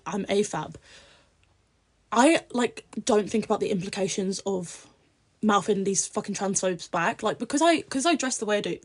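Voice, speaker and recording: A young British woman, an influencer appearing as a guest, chats on a casual podcast in a blunt, profane way. Her volume swings from low mutters to loud outbursts.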